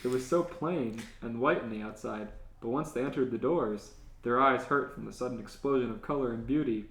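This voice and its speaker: A man reading fanfiction aloud on a comedy podcast at an everyday pitch. The sound is roomy, with a clear echo. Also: fairly quick, fairly bright tone. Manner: reads aloud, often laughing. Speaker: podcast co-host.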